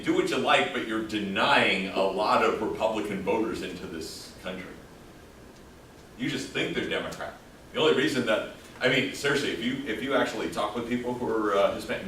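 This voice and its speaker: A man's voice: on the low side, fairly bright tone, far from the mic, slight background noise. A man lecturing a class in a casual, joking way, throwing questions out to the students. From El Paso, Texas. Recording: echoey classroom taped from afar.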